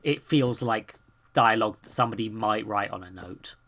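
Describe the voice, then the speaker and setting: A woman's voice: very deep voice, moderate pace, a bit bright. A woman streaming horror games, chatting and reading in-game notes aloud. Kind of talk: live game stream commentary.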